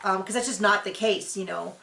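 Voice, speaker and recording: Speaking a little fast with vocal fry, a woman delivers casual reality-TV recap commentary in a bright, forceful, medium-pitched voice. She rambles, opinionated and chatty, with lots of fillers, in an echoey room.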